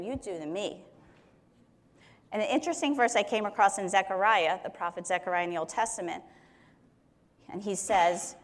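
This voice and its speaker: A woman teaching on Scripture in a conversational way, explaining verses with everyday examples. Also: medium pitch. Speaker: Bible teacher. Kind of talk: Bible teaching talk.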